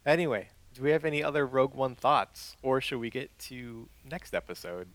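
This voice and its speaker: Smooth-voiced easygoing man co-host. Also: mid-range voice, normal speed, fairly bright tone, no room sound. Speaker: podcast co-host. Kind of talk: casual movie podcast chat.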